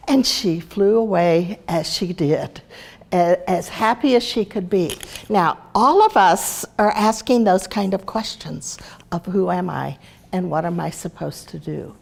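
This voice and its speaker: A woman's voice: on the low side, unhurried, creaky. An older woman giving a casual teaching talk, chatting her way through family anecdotes and a children's story. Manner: chatty, anecdotal, warm storyteller with small laughs. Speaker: speaker and teacher.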